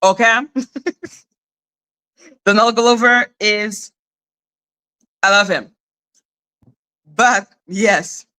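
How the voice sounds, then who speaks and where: A woman hosting her own channel, ranting in a casual, sarcastic monologue, swearing and laughing, swinging between high mocking tones and low deadpan asides. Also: extremely slow, pauses often. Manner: sarcastic, exasperated, swears freely, laughs often. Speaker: commentary channel host.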